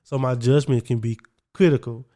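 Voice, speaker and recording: Laughing, animated podcast co-host. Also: male voice, medium pitch, normal speed. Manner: animated, laughs often, drops into his own self-talk. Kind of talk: casual chat.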